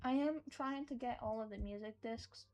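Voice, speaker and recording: A woman's voice: fairly high pitch, moderate pace, a little mellow. An American woman talking casually and rambling while she streams a game, swearing now and then. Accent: neutral American with some British-sounding words. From United States. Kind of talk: casual gaming stream chat.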